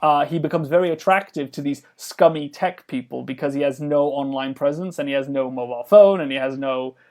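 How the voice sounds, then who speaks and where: Rambling man, fairly high voice. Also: brisk, darkish tone. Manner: rambling, many fillers and restarts. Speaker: game developer guest. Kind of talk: casual podcast conversation.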